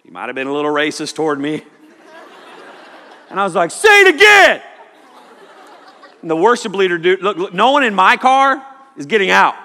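A man preaching a sermon, telling a personal story in an animated way and sometimes shouting quoted lines. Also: high voice, a little fast, long pauses, some chatter behind. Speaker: pastor. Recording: long hall reverb.

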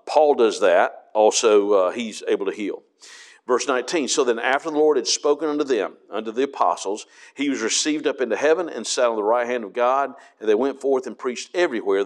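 A man, a pastor, teaching a Bible study in a conversational way, reading scripture aloud between casual fillers and asides. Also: mid-range voice.

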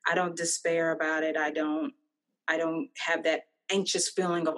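Brief: woman, slightly low voice, sincere and reflective, casual faith chat. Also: little pitch movement, normal speed, a bit bright. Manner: earnest and reflective, speaks of God and joy.

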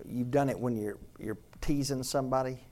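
A man's voice: medium pitch, fairly even intonation, warm tone. Joking older male pastor preaching. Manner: conversational, joking, rapid-fire rhetorical questions. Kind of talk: sermon.

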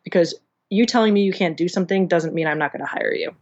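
A woman's voice: on the low side, fast talker, darkish tone, dull audio. A woman being interviewed about audiobook engineering, talking in a chatty, rambling way with many restarts. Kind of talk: casual interview chat.

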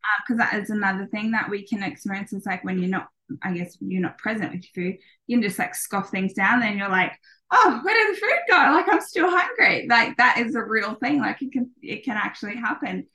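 A woman's voice: medium pitch, fairly even intonation, fairly quick, sharp tone. A woman in her thirties, a podcast guest, talking casually with many ums and restarts.

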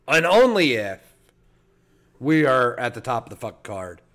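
A man's voice: mid-range voice, sing-song, moderate pace. A man co-hosting a podcast, swearing freely and laughing through casual banter. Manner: loud, profane, laughing banter. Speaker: podcast co-host. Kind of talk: casual chat.

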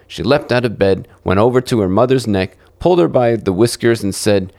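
A man with a low, gravelly voice reads a fairy tale aloud for children, lifting his pitch when characters speak. The recording is dry and close, with no room sound. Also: a little fast, hardly any pauses, darkish tone, dry recording. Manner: acts out dialogue with lifted pitch. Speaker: storyteller.

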